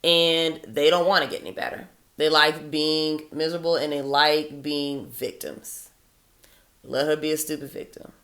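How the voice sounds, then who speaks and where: Low-voiced woman ranting about dating, blunt and sarcastic, swears a lot. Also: flat delivery, normal speed, fairly bright tone. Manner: blunt, profane, sardonic. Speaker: vlogger giving dating advice. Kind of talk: casual opinionated monologue.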